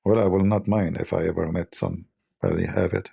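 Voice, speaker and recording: A man's voice: deep voice, steady tone, brisk, vocal fry, mellow, breathy edge. A man from the Middle East with an Arabic accent, hosting a casual livestream chat and telling rambling, joking stories full of "you know". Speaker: livestream host.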